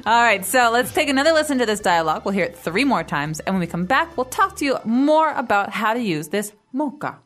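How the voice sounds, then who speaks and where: A woman's voice: fairly high pitch, sing-song, a little fast, few pauses, over music. Woman co-host explaining grammar patiently. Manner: patient, explains grammar step by step with playful teasing. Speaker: co-host teaching Italian. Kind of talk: casual language-lesson podcast.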